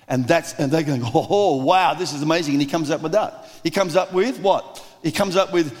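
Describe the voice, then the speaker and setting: Brief: male preacher, animated storyteller, high voice, long hall reverb. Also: moderate pace, hardly any pauses. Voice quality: lively, acts out voices of the crowd. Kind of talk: sermon.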